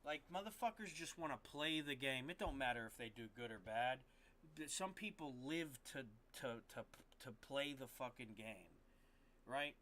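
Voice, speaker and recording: A man's voice: mid-range voice, animated, normal speed, bright, forceful tone. A man streaming a game, ranting to his chat in a rambling, frustrated way, swearing often and restarting his sentences. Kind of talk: casual rant to stream chat.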